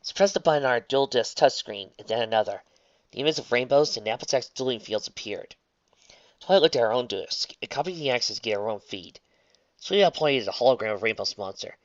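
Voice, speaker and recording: Animated fan story reader. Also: mid-range voice, a little fast, no echo, muffled recording. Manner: chatty, animated asides. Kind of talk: reading a fan story aloud with asides.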